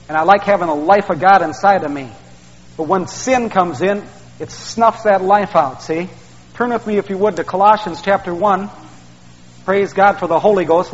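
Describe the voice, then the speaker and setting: A male preacher, delivering a folksy sermon that he peppers with "man" and "see". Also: high voice. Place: church sanctuary. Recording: dull sound, long hall reverb.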